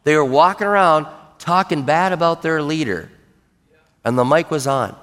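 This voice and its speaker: Male pastor, emphatic sermon delivery, slightly high voice, long church-hall reverb. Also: normal speed, a bit bright. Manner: emphatic, acts out quoted mutterings in a low grumble.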